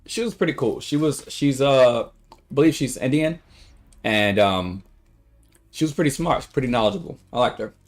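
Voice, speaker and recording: A man's voice: expressive, normal speed. Rambling young man telling a story. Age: young adult. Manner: rambling storyteller, acts out quotes in high voices. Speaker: livestreamer. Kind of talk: casual livestream chat.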